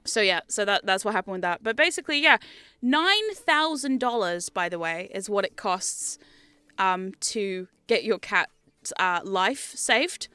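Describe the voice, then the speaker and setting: A woman's voice: medium pitch, lively intonation, a little slow, bright, forceful tone, smooth, dry recording. A young adult woman streaming, chatting casually in a rambling way, laughing often and swearing freely.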